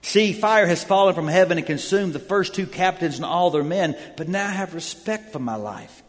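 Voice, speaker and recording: A preacher voicing a terrified captain begging for mercy. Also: male voice, normal speed, big-room sound, lightly acted. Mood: pleading. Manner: low, soft, begging. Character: frightened male captain pleading on his knees.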